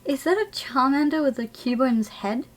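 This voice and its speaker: A woman's voice: high voice, moderate pace. A woman casually chatting and laughing while live-streaming a video game and talking to her chat.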